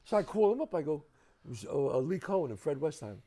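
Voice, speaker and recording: A man with a New York accent telling animated, profane stories as a guest at a home, acting out the other people in them. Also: fairly high pitch, quick pace. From the Bronx, New York. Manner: emphatic, profane, acts out other people's lines. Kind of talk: animated storytelling.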